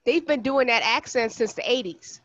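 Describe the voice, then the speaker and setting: A woman from Brooklyn, co-hosting a casual podcast and acting out quotes in an animated way. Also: a little high, moderate pace. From Brooklyn, New York. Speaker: podcast co-host. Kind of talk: casual chat. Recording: dry, dull lo-fi sound.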